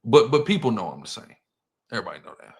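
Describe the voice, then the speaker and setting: Gravelly, defiant man speaking in slang. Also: lowish voice, big pitch swings, quick pace. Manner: defiant, slangy street talk. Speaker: online religious content creator in a played clip. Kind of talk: casual video monologue.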